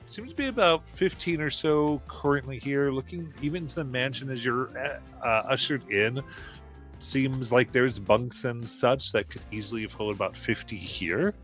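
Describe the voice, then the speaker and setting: A man narrating a tabletop game as game master, halting often with filler sounds. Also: medium pitch, fairly bright tone, faint music behind.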